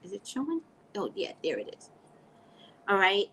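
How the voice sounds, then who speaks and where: A woman hosting a casual psychic livestream, talking straight to her viewers in an animated way and laughing often, on a webcam mic at home. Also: medium pitch, moderate pace, a little hiss or hum.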